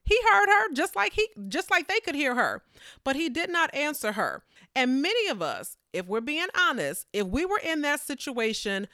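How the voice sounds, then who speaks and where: A woman preaching a sermon in a conversational, animated way, acting out the people in the story with playful voices. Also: high-pitched, normal speed, dry recording, studio quality.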